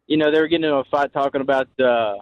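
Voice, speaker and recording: A man's voice: medium pitch, steady tone, very fast, highs cut off, a little hiss or hum. A man calling into a podcast, retelling a scene in a rambling, hesitant way. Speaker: caller. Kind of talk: casual phone-in chat.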